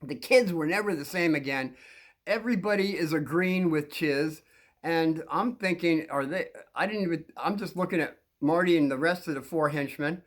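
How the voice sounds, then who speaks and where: A man's voice: fairly high pitch, moderate pace. A man telling a long story from his school days to young listeners, rambling with frequent restarts and repeated words.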